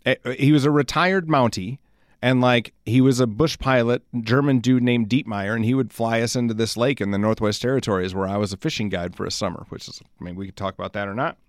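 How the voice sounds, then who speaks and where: A man from South Dakota, USA, with a mid-range voice talks a little fast in a clean studio recording with no room sound. He hosts a casual solo podcast, rambling, joking, telling stories, poking fun at himself, and putting on silly voices.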